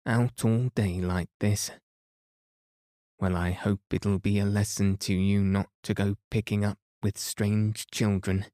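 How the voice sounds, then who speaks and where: A man voicing a sharp-tongued woman servant who scolds children, in a storybook reading. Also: lowish voice, little pitch movement, slow, no echo, studio quality. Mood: scolding. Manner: stern, scolding.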